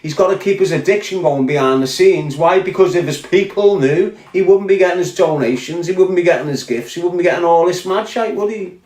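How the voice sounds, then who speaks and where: A man's voice: sits high, fairly quick, hardly any pauses, a little mellow. Fiery man ranting, roomy echo. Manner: blunt, profane, accusing. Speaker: podcast guest. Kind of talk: heated storytelling rant.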